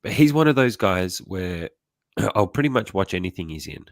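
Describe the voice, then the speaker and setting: A man's voice: low-pitched, big pitch swings, normal speed, no room sound, studio quality. A man hosting a casual live chat about comedy, sounding congested from a sinus illness, laid-back and laughing often. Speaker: host.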